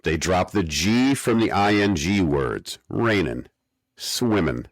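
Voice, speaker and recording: Man, very low voice, dry close sound, wry co-host, casual chat. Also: expressive, a little slow, dry recording. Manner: wry, mock-academic rants. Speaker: podcast co-host. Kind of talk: casual chat recapping an episode.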